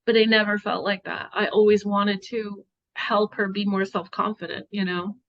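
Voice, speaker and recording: A woman's voice: mid-range voice, flat delivery, normal speed. Heartfelt rambling middle-aged woman, lo-fi. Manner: rambling, heartfelt, full of "you know"s. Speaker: host. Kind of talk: emotional personal conversation.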